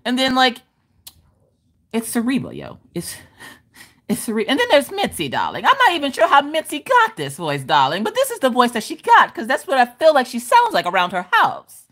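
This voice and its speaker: Reading viewer comments aloud during a casual livestream, this bright-voiced woman host speaks at a moderate pace in a slightly high register. Her manner is loud, bawdy and jokey, with frequent laughter.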